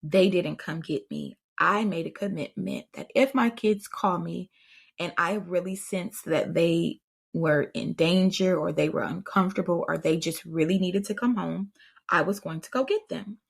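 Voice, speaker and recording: A woman's voice: on the low side, moderate pace, vocal fry, husky. A woman hosting a parenting podcast, telling stories in a chatty way and talking straight to her listeners. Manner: chatty storytelling, addresses listeners directly. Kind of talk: casual advice chat.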